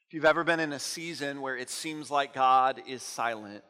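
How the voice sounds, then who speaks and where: A man preaching a sermon as pastor, earnest, slowing down to stress key words. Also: medium pitch, sharp tone, clean tone, in a large hall. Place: church sanctuary.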